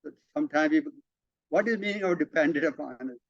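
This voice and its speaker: A man leading a spiritual study session, explaining emphatically with repeated words and halting restarts. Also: on the high side, no room sound. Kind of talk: explanatory talk, reading out and commenting. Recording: dull lo-fi, dry sound.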